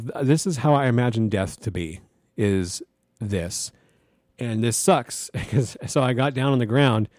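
A young man casually telling a personal story to the camera, animated, swearing and laughing as he goes. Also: medium pitch, no echo, clean studio sound.

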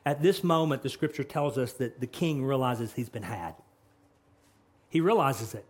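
A man's voice: medium pitch, lively intonation, moderate pace. A man preaching a sermon who retells scripture dramatically and acts out its dialogue. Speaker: pastor.

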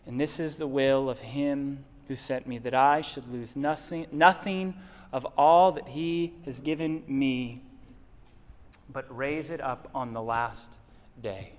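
A man's voice: medium pitch, slow. Earnest male pastor in a reverberant hall. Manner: earnest, asks and answers rhetorical questions. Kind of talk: sermon. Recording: long reverb of a large hall.

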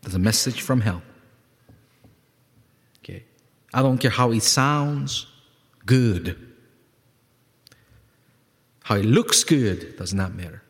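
A male pastor preaching a sermon, emphatic and repetitive, swinging from loud peaks to quiet lows and calling on the congregation to respond. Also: animated, takes it slowly, long pauses. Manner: repeats words for emphasis, asks congregation to respond. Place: church sanctuary. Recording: long hall reverb.

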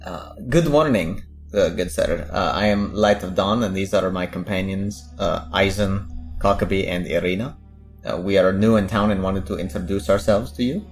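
A man's voice: low-pitched, moderate pace, soft background music. A man voicing his courteous adventurer character, addressing people with old-fashioned politeness. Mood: polite.

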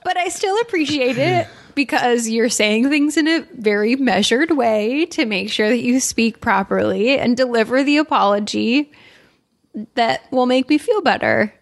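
A woman's voice: a little high, unhurried, no echo. A woman co-hosting a casual couples podcast, talking openly and reflectively about her feelings. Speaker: podcast co-host.

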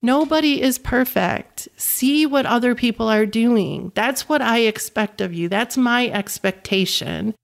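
Her voice is slightly high, slightly slow and gravelly, with hardly any pauses. In her fifties, this caregiving mother tells her own story as an interview guest, speaking earnestly and emphatically and repeating words for stress in a conversational setting.

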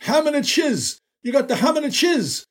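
A man's voice: very high-pitched, very animated, normal speed, voice pushed up. A man voicing an Italian-born male steam fitter with a thick Italian accent, repeating himself emphatically. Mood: insistent.

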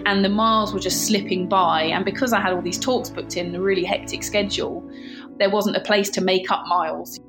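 A woman's voice: medium pitch, steady tone, fairly quick, over music. A woman from Britain, a guest in an interview, telling stories in a chatty way with many restarts and laughs. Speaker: guest, barefoot runner. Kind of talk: animated storytelling interview.

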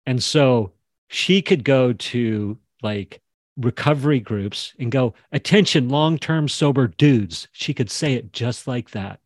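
A man's voice: medium pitch, slow, dry recording, studio quality. A man hosting and coaching an online class, talking in an impassioned way and acting out the dialogue from his stories. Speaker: podcast host and coach. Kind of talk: animated teaching session on a video call.

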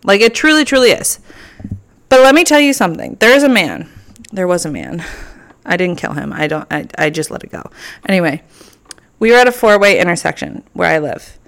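A woman's voice: fairly low pitch, big pitch swings, brisk, creaky, a bit bright. A young woman hosting her own podcast, chatting casually and playfully petty, with lots of filler words. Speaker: podcast host. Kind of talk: casual solo podcast chat.

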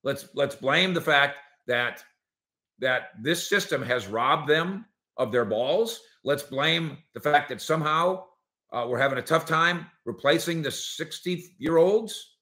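A man hosting a sports opinion show, talking in an animated, sarcastic way and acting out quotes from players and coaches. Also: a little high, slow pace.

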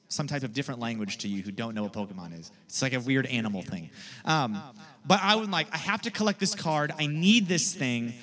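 A man's voice: mid-range voice, bright, forceful tone. A young man giving a casual sermon, telling a story in a chatty way and often checking in with "all right?". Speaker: youth pastor.

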